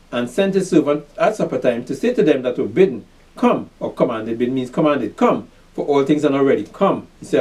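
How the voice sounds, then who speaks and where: Male preacher, lively swooping delivery, mellow tone, recorded off mic, drills the room with call-and-answer questions. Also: medium pitch, recorded from a distance, low-quality recording. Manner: repeats "pay attention", asks and answers his own questions. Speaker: preacher teaching a class. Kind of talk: fiery street-style scripture teaching.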